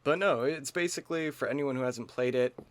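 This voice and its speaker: A man's voice: mid-range voice, fairly quick. A man co-hosting a podcast in casual, joking chat, riffing and laughing often. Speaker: podcast co-host.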